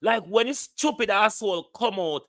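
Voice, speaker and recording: A man's voice: high voice, normal speed, a bit bright, no echo. A Jamaican man vlogging heated political commentary, ranting bluntly and swearing freely.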